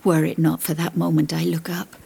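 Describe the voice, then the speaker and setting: A woman narrating a first-person tale in a hushed, breathy whisper with old-fashioned phrasing. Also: low-pitched, little pitch movement, brisk. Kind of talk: whispered storytelling.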